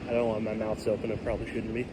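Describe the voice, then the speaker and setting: A man's voice: on the low side, flat delivery, very fast. Chatty man outdoors in stormy wind. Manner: chatty, self-deprecating, jokey asides. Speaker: vlogger filming a storm. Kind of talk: casual rambling commentary. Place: outdoors by his house in a storm.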